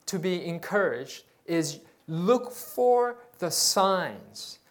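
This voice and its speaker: Slow, earnest preacher giving a sermon. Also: mid-range voice. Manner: earnest, repeats words while searching for them. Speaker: pastor.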